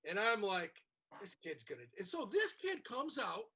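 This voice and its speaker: A man co-hosting a podcast, telling a comedy club story in a casual, animated way and acting out the people he quotes. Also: high-pitched, normal speed.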